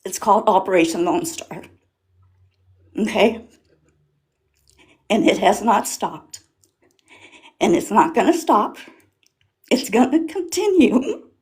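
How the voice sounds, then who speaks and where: A woman's voice: mid-range voice, slow pace, long pauses, a little mellow. A Latina woman from South Texas giving emotional, impassioned testimony about being stopped by police, swearing as she grows angry. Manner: impassioned, swearing, rising in anger. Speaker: caller sharing experience.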